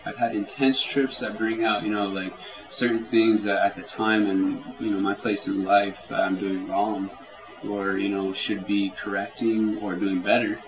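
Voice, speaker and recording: A relaxed man with a fairly low voice talks casually as an interview guest, rambling and leaning on fillers. Crowd chatter is clearly audible behind him throughout. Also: unhurried, rough recording.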